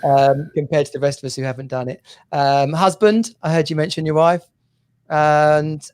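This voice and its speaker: A man with a Yorkshire accent hosts a casual interview over a video call. His voice sits a little higher than most men's. He talks loosely, with plenty of ums and restarts. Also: steady tone, normal speed, darkish tone, clear, resonant tone, dry recording. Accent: Yorkshire English. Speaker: host, interviewer.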